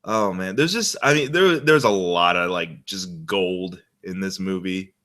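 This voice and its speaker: A man's voice: sits low, unhurried, sharp tone. A man hosting a casual movie chat, laughing often and talking enthusiastically with lots of "like". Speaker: podcast host.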